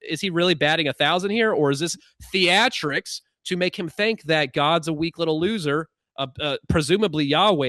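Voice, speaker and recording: A man hosting a podcast who talks quickly in a casual, wry, animated way. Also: fairly high pitch, no room sound, studio quality. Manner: fast-talking, animated, wry. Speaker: podcast host. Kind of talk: casual conversational commentary.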